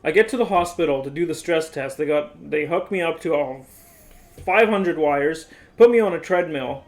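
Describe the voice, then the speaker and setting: A man's voice: fairly high pitch, moderate pace. A man in his twenties telling his story in a casual, exasperated way, full of "like"s. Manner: animated, exasperated retelling with many "like"s.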